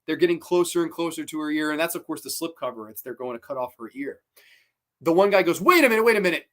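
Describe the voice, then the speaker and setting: A man hosting a horror movie review show, chatting casually, swearing freely and retelling scenes with excitement. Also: on the high side, quick pace.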